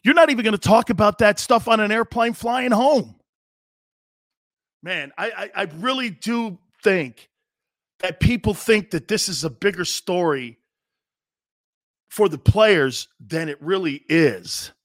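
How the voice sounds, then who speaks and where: A man's voice: high voice, a little slow, long pauses, fairly bright tone, no room sound. A middle-aged man hosting a sports talk radio show, delivering a blunt, emphatic monologue. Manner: emphatic, blunt, acts out quoted players. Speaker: host.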